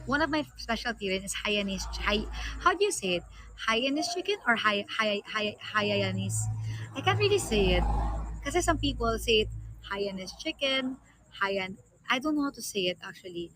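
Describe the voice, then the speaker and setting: A woman's voice: on the high side, fairly bright tone, a little hiss or hum. A young woman with a Filipino accent, chatting casually to viewers on a livestream and easily mixing in Tagalog. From Philippines. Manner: chatty, switches between English and Tagalog. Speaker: livestream host.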